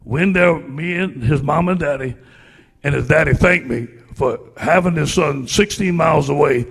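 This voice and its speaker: A middle-aged man with a Cajun accent from Louisiana, a football coach telling folksy, animated anecdotes to a club audience. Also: fairly high pitch, moderate pace, creaky, husky, in a large hall. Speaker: guest speaker, football coach. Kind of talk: storytelling speech to a club audience.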